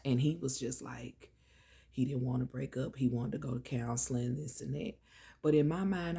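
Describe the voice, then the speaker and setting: A woman with a gravelly, husky voice tells a personal story in a relaxed, chatty way. She speaks straight to her viewers, drawing them in as she goes. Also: rumbling low, normal speed. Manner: chatty, animated, addresses listeners as y'all and child. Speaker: vlogger. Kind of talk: casual storytelling.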